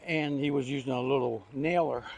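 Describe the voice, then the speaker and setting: A man's voice: mid-range voice, fairly even intonation, brisk, creaky, darkish tone, slightly rough. An older man telling rambling, folksy anecdotes in homespun speech while out on a trike ride. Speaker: vlogger. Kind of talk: casual storytelling while riding. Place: outdoors on a recumbent trike ride.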